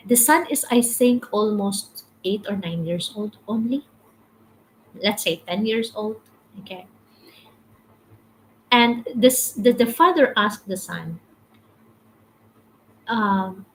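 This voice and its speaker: Slow, halting woman leading a devotional. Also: medium pitch, lively intonation, a little hiss or hum, poor audio. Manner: halting, repeats words, reads viewer comments. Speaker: devotional livestream host. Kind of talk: casual devotional teaching.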